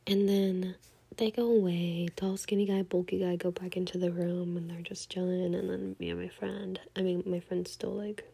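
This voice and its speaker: A young woman with a low, dark voice that turns husky and gravelly tells a personal story. She talks casually, often dropping into a hushed half-whisper, and fills her sentences with "like". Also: flat delivery, normal speed.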